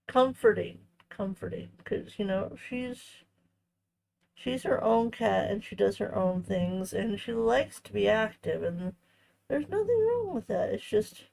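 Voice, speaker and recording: Slow-spoken woman with vocal fry. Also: medium pitch, a little mellow, poor audio. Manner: tender, reflective storytelling; halting, with many restarts. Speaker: crafting channel host. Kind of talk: casual chat while crafting.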